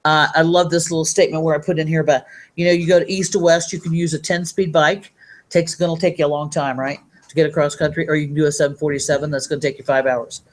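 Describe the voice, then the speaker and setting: A woman's voice: sits low, flat delivery, fast talker. A woman giving a motivational training talk to her team. She talks in an upbeat, rambling way and reads sayings aloud from a handout. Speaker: network marketing trainer.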